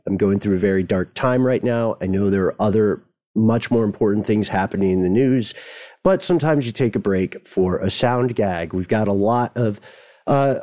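Jokey male talk show host, mellow voice. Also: medium pitch. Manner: jokey, animated, quick asides. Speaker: podcast host. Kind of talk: casual comedic talk show banter.

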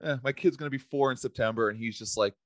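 A man's voice: medium pitch, fast talker, no echo, clean studio sound. A man hosting a podcast, chatting casually and jokingly with his guest and swearing now and then. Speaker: podcast host. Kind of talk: casual interview chat.

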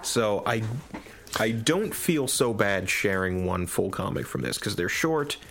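Man with a low voice, animated storyteller. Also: measured pace, gravelly, slight background noise. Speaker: podcast co-host. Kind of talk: casual podcast chat.

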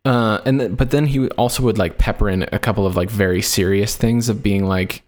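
Male podcast host, somewhat deep, loose rambling storyteller. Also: a little fast, few pauses. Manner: rambling, many fillers like "like" and "um". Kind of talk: casual chat.

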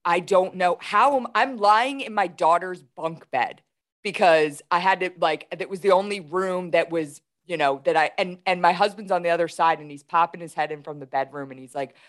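Lower-voiced woman in her forties. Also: normal speed. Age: 40s. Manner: animated, retells events with quoted dialogue. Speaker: guest. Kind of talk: casual storytelling.

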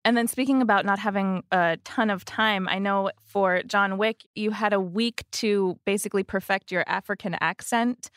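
A woman hosting an interview and asking measured, prepared questions. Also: medium pitch, fairly bright tone, dry recording, studio quality. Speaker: interviewer, host.

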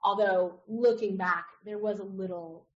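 A middle-aged woman, a podcast guest, telling a personal story in a casual, animated way and acting out the other people in it. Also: medium pitch, unhurried. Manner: animated, acts out others' voices in her story. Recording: dull lo-fi audio.

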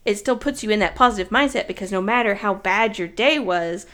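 A woman in her thirties co-hosting a casual chat, talking in a chatty, animated way and laughing often. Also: medium pitch, fairly quick.

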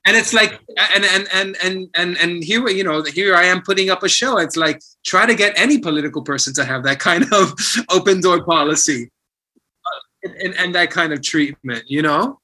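Higher pitched guy w a really bright voice, theatre director, animated and repeats stuff. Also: moderate pace. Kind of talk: casual interview talk.

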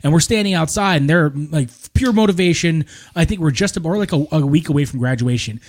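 A man rattles off boot camp stories at a quick clip, his voice sitting a little high for a man. He is a former Marine, swearing freely and animated as he chats on a podcast. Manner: profane, animated war-story telling. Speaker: former Marine recruit, squad leader. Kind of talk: casual podcast chat.

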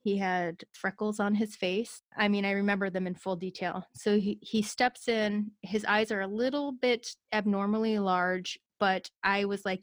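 A woman's voice: medium pitch, normal speed, few pauses, no echo. A woman telling a personal story as an interview guest, recounting it earnestly and in close detail.

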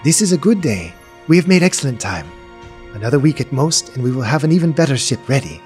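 A man's voice: mid-range voice, lively intonation, quick pace, a little mellow, soft background music, lightly acted. A man voicing a proud male shipbuilder who speaks in confident proclamations. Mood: triumphant. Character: proud male shipbuilder, pleased with his work.

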